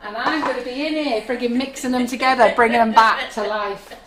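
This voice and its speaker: A woman's voice: on the high side, fairly even intonation, fairly quick, a crowd in the background. Chatty woman demoing baking supplies. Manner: chatty, rambling, storytelling. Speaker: baking shop owner presenting products. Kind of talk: live stream product demo chat. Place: shop kitchen.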